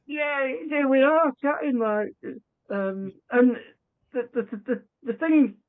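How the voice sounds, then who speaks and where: A man's voice: very high voice, slow. A man telling a story as a podcast guest, acting out the voices in his dialogue and often restarting his sentences. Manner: animated, acts out quoted dialogue, frequent restarts. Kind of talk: conversational storytelling. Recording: tinny phone-like remote line.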